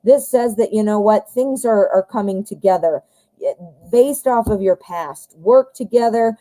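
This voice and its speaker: A woman's voice: mid-range voice, a little slow, warm tone, dry recording, rough recording. A woman giving a live-stream tarot reading, chatting directly to viewers with lots of fillers and friendly asides. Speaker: tarot reader.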